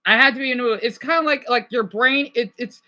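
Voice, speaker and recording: A man's voice: very high-pitched, fast, bright, forceful tone. An American man chatting casually with live viewers, rambling with many restarts and fillers. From United States. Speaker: streamer.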